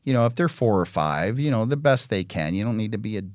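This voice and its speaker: Middle-aged guy, low voice that swings all over, cussing, doing little parent and kid voices, dry close mic. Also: fast, no echo. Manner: blunt, profane, animated storytelling; acts out parent and child voices. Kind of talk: casual podcast chat.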